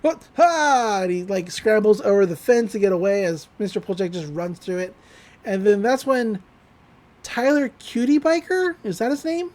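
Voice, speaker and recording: A podcast co-host giving an animated, giggly retelling of a cartoon episode. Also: mid-range voice, normal speed.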